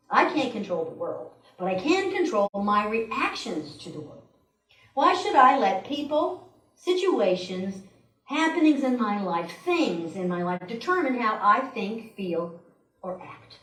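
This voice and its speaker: A woman giving a sermon at a church, chatty and playful, laughing often and speaking to the congregation with asides. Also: on the high side. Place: church sanctuary. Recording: roomy church sound from a distance.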